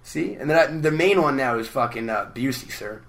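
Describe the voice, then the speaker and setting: A man co-hosting a podcast in casual chat, energetic and joking and swearing freely. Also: mid-range voice, fairly quick.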